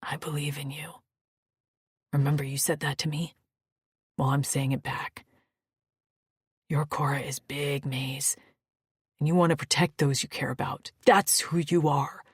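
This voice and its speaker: A woman voicing a protective male alien warrior, speaking low, firm and soothing in an audiobook. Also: fairly even intonation, unhurried, pauses often, husky, dry recording, studio quality, heavily acted.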